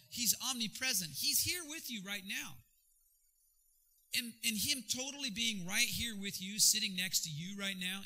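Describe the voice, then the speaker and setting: A man preaching a sermon in an animated, jokey way with sudden bursts of energy. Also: high-pitched, low-quality recording. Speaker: pastor.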